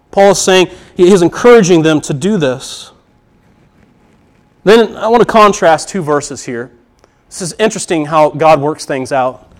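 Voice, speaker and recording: Pastor, male, high voice, earnest sermon delivery that poses questions and answers them. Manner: earnest, repeats key phrases, asks and answers questions.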